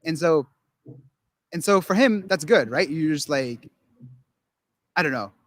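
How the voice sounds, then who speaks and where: Rambling man, slightly high voice. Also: expressive, unhurried, no room sound. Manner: rambling, full of restarts and acted-out quotes. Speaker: guest. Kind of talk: casual podcast conversation.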